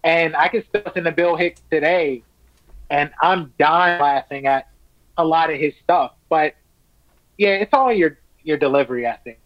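A man's voice: on the high side, moderate pace, no room sound, lo-fi sound. A man, a stand-up comic, chatting as a podcast guest in a laid-back, enthusiastic way, full of "man" and "like". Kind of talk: casual podcast chat.

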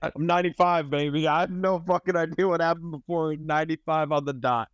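A man's voice: a little high, fairly even intonation, a little fast, clean tone, no echo, lo-fi sound. A young adult man hosting a podcast, chatting casually and filling his talk with like and you know, with the odd swear. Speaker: podcast host. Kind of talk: casual interview chat.

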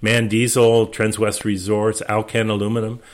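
A man, guest of an interview, telling his voyage stories in a relaxed, anecdotal way with many restarts. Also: on the low side, moderate pace. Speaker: interview guest, expedition skipper. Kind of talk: relaxed storytelling.

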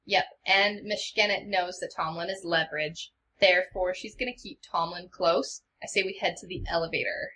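A woman playing a tabletop game, decisive and quick to suggest plans. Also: lowish voice, fairly even intonation, sharp tone, slight background noise. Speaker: player.

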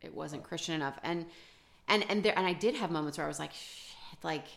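A woman with a deep, low voice chats about her writing life in a relaxed podcast conversation. She talks loosely and self-deprecatingly, full of fillers and restarts. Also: fast, vocal fry. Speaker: author guest.

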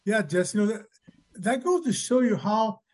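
A man with a fairly high voice co-hosts a talk show. He speaks earnestly and reflectively, halting on fillers as he works through his thoughts. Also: lively intonation, a little mellow. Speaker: co-host. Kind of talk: casual radio talk.

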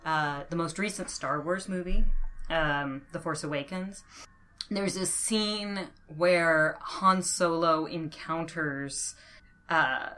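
Podcast guest: woman linguist, low voice, thoughtful and hedging. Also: takes it slowly, sharp tone. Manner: thoughtful, with many fillers and laughs. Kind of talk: podcast interview.

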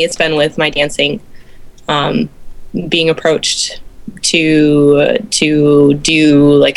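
A woman guest on a talk show, her voice low for a woman. She speaks haltingly and fills her pauses with ums as she explains herself. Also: a bit bright. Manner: hesitant, many ums. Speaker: guest, dancer. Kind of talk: casual group discussion.

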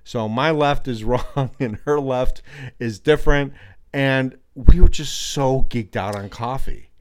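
Speaking a little slowly in a clear, resonant mid-range voice, a hiking channel co-host chats casually on video. He chuckles often and gives friendly, relaxed backpacking advice.

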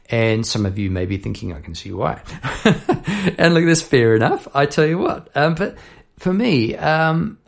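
Chatty male songwriter with gravelly voice. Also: on the low side. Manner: chatty, self-deprecating, breaks into singing lines. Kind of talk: casual songwriting lesson at the piano. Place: home at night.

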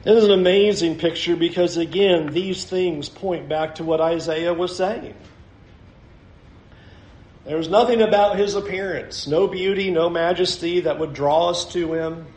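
A man's voice: fairly high pitch, a little slow, darkish tone. A man preaching a sermon in a church, emphatic and vivid, repeating his points for weight. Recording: roomy echo.

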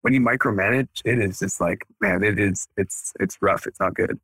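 Energetic guy in his 30s chatting on a podcast, bright voice, dry sound. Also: lowish voice, moderate pace, husky, dry recording. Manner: energetic, animated, acts out quotes. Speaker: dentist and practice owner, podcast guest. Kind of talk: casual podcast interview.

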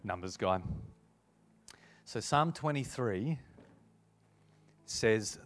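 A man preaching a sermon and altar call, earnest and repetitive, slowing down to quote scripture. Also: fairly low pitch. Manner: earnest, repeats key phrases, slows for scripture.

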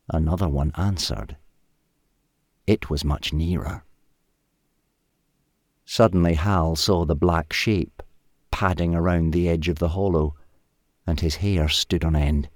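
A man reads a comic short story aloud, lively and expressive. His voice is very deep. The recording is dry, with no room sound. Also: slow, pauses often, no room sound. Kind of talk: storybook reading.

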